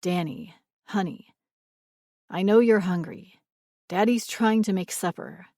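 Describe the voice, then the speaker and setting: A woman voicing a weary young father who talks to a small child quietly and patiently. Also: mid-range voice, slow pace, no echo, clean studio sound, natural voice. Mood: coaxing.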